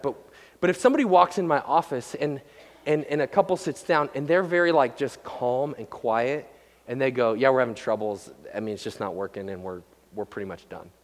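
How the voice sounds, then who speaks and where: A man preaching a sermon as the pastor, conversational and joking, with frequent restarts and stammers. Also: a little high. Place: church sanctuary. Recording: long hall reverb.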